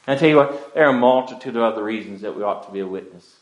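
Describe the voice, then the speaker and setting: A man's voice: fairly low pitch, very fast, reverberant, poor audio. A pastor preaching an earnest, pleading sermon to his church. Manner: earnest, pleading preaching with wide swings in loudness.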